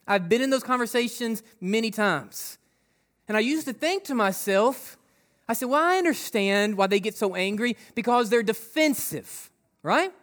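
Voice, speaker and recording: High-voiced man preaching a sermon. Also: lively intonation, moderate pace, a bit bright. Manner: conversational preaching with acted quotes and rhetorical questions. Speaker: pastor.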